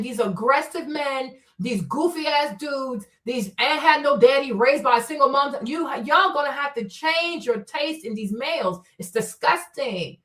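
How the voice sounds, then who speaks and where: Woman host, high pitch, blunt profane rants, echoey room and distant mic. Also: fairly bright tone. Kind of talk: casual chat on a live stream.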